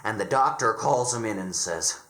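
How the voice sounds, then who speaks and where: Sarcastic stammering man, lively pitch. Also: moderate pace, echoey room. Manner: sarcastic, dismissive, frequent stammered restarts. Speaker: horror reviewer. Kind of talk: opinionated casual review.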